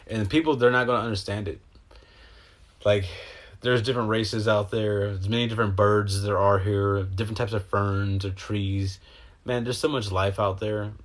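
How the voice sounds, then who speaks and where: A man with a somewhat low voice talks in a casual, meandering monologue. He drifts from thought to thought, swearing freely and speaking with open emotion. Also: steady tone, normal speed. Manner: meandering, profane, emotional stream of consciousness. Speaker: host. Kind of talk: rambling spiritual monologue.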